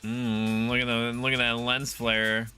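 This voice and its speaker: A man's voice: mid-range voice, little pitch movement, a little slow, pushed and bright, clean tone, faint music behind. A man casually commenting on a game stream, swearing freely and reading game text aloud in a jokey way.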